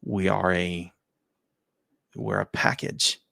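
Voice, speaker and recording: A man hosting a talk show, telling a personal story in a halting, emotional way, often dropping to a quiet near-whisper and repeating his words. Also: low-pitched, very animated, gravelly, dry recording. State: choked up. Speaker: show host.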